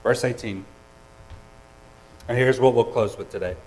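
A man preaching a sermon, earnest and personal, with hesitant restarts and swings between loud and soft. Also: medium pitch, a little slow, rough recording. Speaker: pastor.

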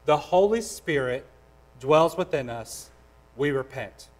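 A man's voice: fairly high pitch, animated, slow pace, poor audio. Earnest man preaching a sermon. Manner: direct, earnest preaching with repeated phrases; acts out voices in a told story. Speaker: pastor.

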